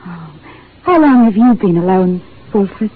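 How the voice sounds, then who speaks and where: An actress playing a shy, gentle and lonely bookshop clerk, speaking sweetly in a 1940s radio drama on a tinny broadcast. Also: female voice, mid-range voice, lively intonation, a little slow, slightly rough. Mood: tender. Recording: tinny lo-fi old radio broadcast, faint hiss.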